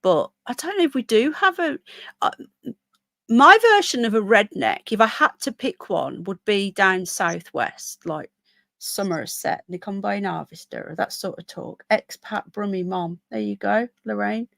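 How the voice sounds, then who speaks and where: A woman's voice: medium pitch, lively intonation, a little slow, vocal fry, fairly bright tone, dry recording. A woman with a Birmingham accent, hosting a live stream in casual chat and reading out viewer comments. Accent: Birmingham English. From England. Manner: chatty, rambling, reads out viewer comments.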